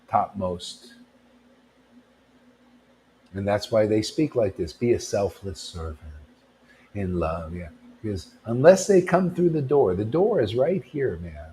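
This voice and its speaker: A man's voice: lowish voice, mellow, slight background noise. A man preaching informally to a devotional gathering, blunt and confrontational, throwing out rhetorical questions and calling his listeners "man". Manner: rhetorical questions, mocking asides.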